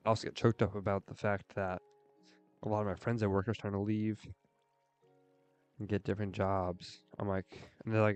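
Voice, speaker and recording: A man's voice: lowish voice, little pitch movement, fairly quick, pauses often, darkish tone, faint music behind. A young man streaming a game and talking in an earnest, rambling way, full of fillers. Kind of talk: casual rambling chat while gaming.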